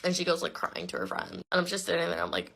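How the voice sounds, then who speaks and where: Young woman doing a storytime, low and fry-heavy, super chatty and blunt, swears a lot. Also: sing-song, fast talker, pushed and bright. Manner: chatty and blunt, swears freely, many "like" fillers. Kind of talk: casual storytime.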